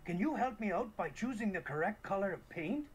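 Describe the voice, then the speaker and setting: A salty dockside engine. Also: male voice, high voice, animated, a little fast, a little hiss or hum. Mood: friendly. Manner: friendly, a little weathered storyteller. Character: hardworking male dockside engine, fond of sea tales. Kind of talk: preschool DVD game voice acting.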